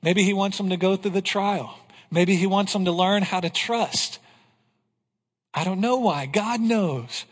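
A male pastor preaching a sermon in a church, emphatic, asking rhetorical questions and dropping to a hush on key lines. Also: sits high, a little slow. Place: church sanctuary. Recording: long hall reverb.

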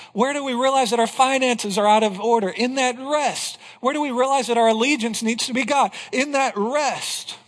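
A male pastor preaching a sermon in a church, emphatic, asking rhetorical questions and dropping to a hush on key lines. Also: very high voice. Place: church sanctuary. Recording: long hall reverb.

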